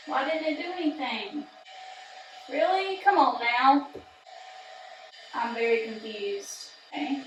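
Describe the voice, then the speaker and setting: A woman's voice: sits high, reverberant, a little hiss or hum. A woman, chatting nervously as she tests a beauty gadget on camera. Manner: chatty, nervous, says y'all. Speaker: beauty vlogger testing a product. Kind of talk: casual product test vlog.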